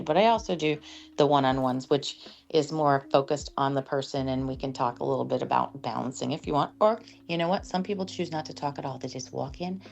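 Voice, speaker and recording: A woman's voice: extremely low pitch, gravelly, dull audio. A woman working as a sound practitioner, chatting in an interview and acting out dialogue as she tells stories. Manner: animated storyteller, acts out quoted dialogue. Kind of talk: casual interview talk.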